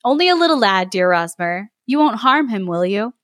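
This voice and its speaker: A woman's voice: medium pitch, big pitch swings, normal speed, fairly bright tone, no echo, studio quality. A woman reading aloud as a young captive woman who pleads anxiously. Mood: pleading.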